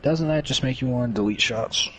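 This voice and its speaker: A young man streaming games and chatting casually, excitable and joking, swinging between whiny pleading and low muttering. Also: brisk, slight background noise. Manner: excitable, joking, lots of laughter. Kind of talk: casual gaming stream chat.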